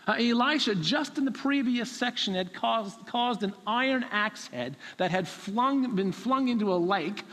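A man's voice: very high-pitched, animated, unhurried, few pauses, a bit bright, long reverb tail. A man preaching a sermon, telling a story animatedly and acting out the characters.

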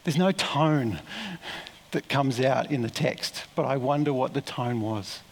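A man's voice: mid-range voice, measured pace, creaky. Reflective man preaching in a hall. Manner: conversational, reflective, with asides and self-corrections. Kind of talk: sermon.

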